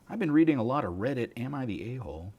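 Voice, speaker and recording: A man's voice: mid-range voice, dark tone, a little hiss or hum. A man chatting casually with viewers on a livestream, rambling, swearing and muttering asides. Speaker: streamer.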